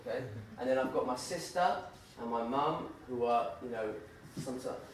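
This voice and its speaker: A man giving an informal, animated talk full of anecdotes and fillers, in a university lecture room. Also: medium pitch, normal speed, slight background noise. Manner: animated, acts out voices in the stories, many fillers. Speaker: guest speaker at a campus talk. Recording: very echoey room, distant mic.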